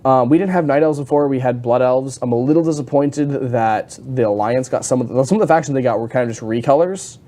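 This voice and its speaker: A man of middle pitch co-hosts a gaming talk show and rambles excitedly through his points. He restarts sentences often and leans on fillers as he goes. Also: fast talker, hardly any pauses. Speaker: podcast co-host. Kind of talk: casual gaming chat.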